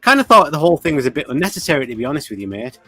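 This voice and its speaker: A man's voice: fairly high pitch, big pitch swings, racing, sharp tone, no room sound. A man, co-hosting a casual chat, effusive and thankful, calling his friend man and mate. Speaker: podcast co-host.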